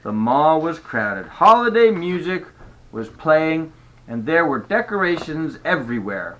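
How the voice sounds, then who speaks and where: An older grandfather reading a children's storybook aloud in an expressive manner. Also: fairly high pitch, unhurried, slight background noise, rough recording. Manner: expressive, stops to restart.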